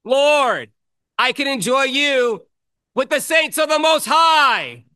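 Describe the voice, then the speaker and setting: A man offers a reflective, prayerful word at a church meeting. His voice is strikingly high and brilliant, smooth and clear, and he speaks slowly in a dry, close recording. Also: expressive, sharp tone, no room sound. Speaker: church member sharing in a meeting. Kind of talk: prayerful testimony.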